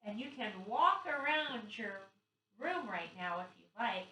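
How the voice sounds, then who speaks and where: A middle-aged woman, a pre-k teacher, gently guiding young children through yoga poses on video in an encouraging, sing-song way. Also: fairly high pitch, sing-song, unhurried, a little hiss or hum. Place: home room recorded on camera. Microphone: camera mic from a distance. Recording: echoey room, far from the mic.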